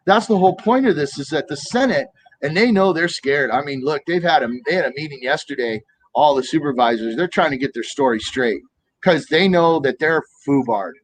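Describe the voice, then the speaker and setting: A man in his fifties from the United States, telling animated stories in a casual political chat and acting out quoted voices. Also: on the high side, moderate pace, slight background noise, poor audio. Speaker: co-host of a political talk stream.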